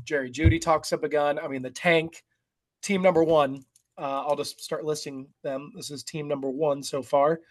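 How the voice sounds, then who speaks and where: A man co-hosting a sports podcast, leading the game preview in a relaxed, conversational way. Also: a little high, normal speed. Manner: relaxed and conversational, says "like" and "uh" a lot. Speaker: co-host running the game preview. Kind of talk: casual sports podcast chat.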